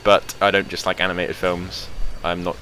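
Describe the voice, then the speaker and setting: A man's voice: low-pitched, completely flat delivery, moderate pace, sharp tone, slight background noise. A young man chatting casually over gameplay footage as host of his gaming channel, rambling with lots of fillers. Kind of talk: casual game commentary.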